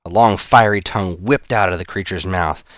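A man narrating an audiobook chapter in a steady storytelling manner. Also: sits low, moderate pace, dry recording. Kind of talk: scripted narration.

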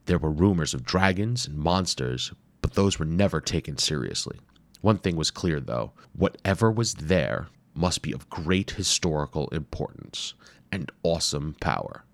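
A man narrating a storybook adventure in a steady, measured way. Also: deep voice, dry recording. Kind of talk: storybook reading.

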